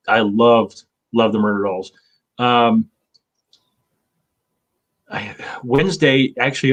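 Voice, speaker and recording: A man in his fifties, hosting a casual chat, rambling with lots of fillers and swearing. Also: lowish voice. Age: 50s. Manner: rambling, profane, with many fillers. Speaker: show host.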